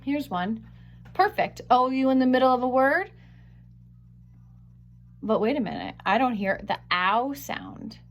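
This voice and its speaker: A woman with a fairly high voice teaches a phonics lesson. She sounds out each word slowly and carefully, stretching the vowel sounds. She is picked up by a webcam mic. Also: very animated. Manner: slow, careful sounding out of words.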